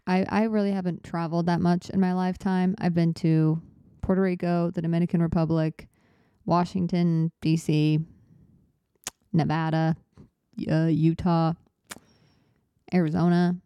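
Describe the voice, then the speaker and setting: Young woman, podcast host, mellow voice, slightly low, slightly breathless, chatty, self-deprecating. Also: flat delivery, moderate pace, pauses often, smooth, no room sound. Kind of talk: laid-back solo podcast chat.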